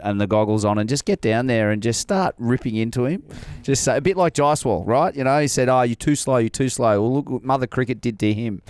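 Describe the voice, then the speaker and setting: An Australian man, a former cricketer, chatting animatedly and laughing as he tells stories. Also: medium pitch. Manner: animated storyteller, laughs often. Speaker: cricket podcast guest, former player. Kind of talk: casual chat.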